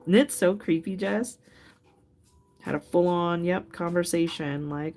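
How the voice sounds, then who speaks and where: A middle-aged woman with a fairly low, darkish voice hosts a craft livestream at a measured pace. She chats casually with live viewers, laughs often, and tells loose stories packed with fillers, with faint music in the background.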